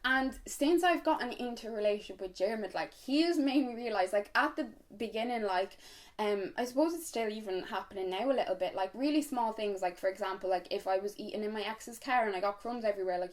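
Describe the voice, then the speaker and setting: A woman's voice: medium pitch, fairly quick. A woman in her twenties with an Irish accent, telling a casual story-time vlog in a chatty, frank way, full of fillers and swearing. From Ireland. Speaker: vlogger.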